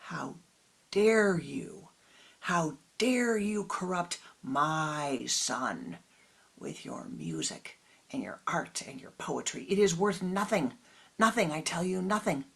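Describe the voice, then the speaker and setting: A woman voicing a furious, greedy middle-aged businessman who shouts with contempt in a told story. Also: on the low side, big pitch swings, measured pace, creaky, few pauses, breathy edge, whispered, heavily acted.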